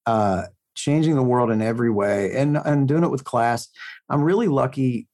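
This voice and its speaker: A man's voice: mid-range voice, moderate pace, a little mellow. Chatty self-mocking man telling stories. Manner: chatty storyteller, self-mocking, frequent restarts. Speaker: country singer, guest. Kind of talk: casual interview chat.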